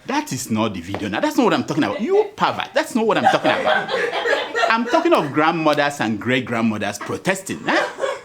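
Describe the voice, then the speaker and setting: A man's voice: fairly high pitch, huge pitch swings, a little fast, over a noisy crowd. A man with a Nigerian accent hosting a satirical news show, cracking jokes and laughing through his commentary.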